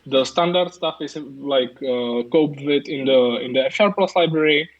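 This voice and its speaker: A man's voice: fairly high pitch, normal speed. Man talking over a dull call line. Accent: Czech. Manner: hesitant, many fillers and restarts. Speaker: guest speaker. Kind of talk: live-streamed tech talk Q&A. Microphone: video call.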